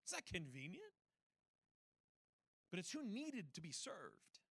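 A male pastor preaches a sermon, animated in his storytelling and fond of rhetorical questions. His voice sits high and bright, and the recording is dry and close. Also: slow, vocal fry, breathy edge, no echo. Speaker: church pastor.

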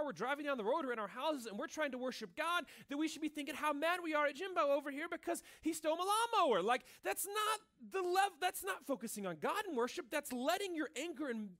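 High-voiced man preaching a casual sermon. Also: expressive, quick pace, few pauses, fairly bright tone. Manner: casual and earnest, filling speech with "like" and "right?". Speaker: pastor. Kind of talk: conversational sermon. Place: church.

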